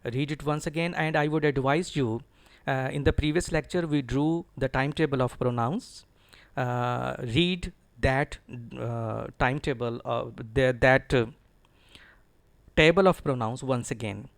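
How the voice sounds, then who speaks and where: A middle-aged man teaching an English pronunciation lesson, slowly drilling words with his students through repetition. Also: mid-range voice, creaky, no echo.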